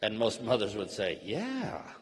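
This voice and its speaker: Brief: male trainer, mid-pitched, slow clear teaching delivery, long reverb. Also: expressive, fairly bright tone. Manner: slow, plainly worded, acts out sample dialogue. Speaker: network marketing trainer. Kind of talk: slow, simple teaching talk.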